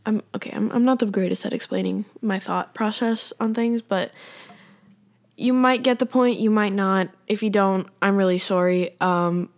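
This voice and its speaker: A woman's voice: medium pitch, moderate pace. A teenage girl hosting a casual faith podcast, rambling and chatty with many fillers and little laughs. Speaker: podcast host.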